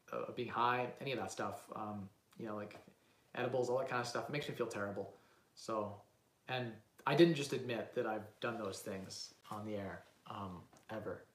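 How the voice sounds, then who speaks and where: Recorded in a roomy, echoey room, this young Canadian real estate investor hosts a laid-back livestream and fields live questions. His voice sits in the mid range with a slight brightness, and he rambles confidently, full of fillers and false starts.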